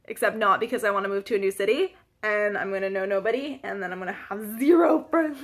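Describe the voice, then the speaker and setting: A woman's voice: mid-range voice, quick pace, hardly any pauses. A Canadian woman in her twenties, chatting casually and self-deprecatingly to viewers of her live-stream vlog. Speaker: vlogger.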